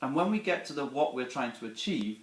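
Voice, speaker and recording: A man's voice: medium pitch, expressive, a little fast, a little hiss or hum. Earnest man presenting in a roomy space. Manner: earnest, storytelling, rhetorical questions. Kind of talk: live online presentation. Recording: roomy echo.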